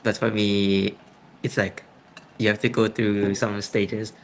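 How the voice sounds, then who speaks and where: A man's voice: on the low side, flat delivery, takes it slowly, slight background noise, low-quality recording. A young man in a casual student discussion. He thinks aloud and checks in with others by asking "right?". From Thailand. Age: young adult.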